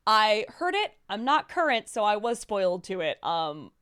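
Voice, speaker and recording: A woman co-hosting a live stream, reading out viewer donations and comments in a brisk, upbeat way. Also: mid-range voice, sing-song, a bit bright, clean tone. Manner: brisk, upbeat, stumbles over hard names.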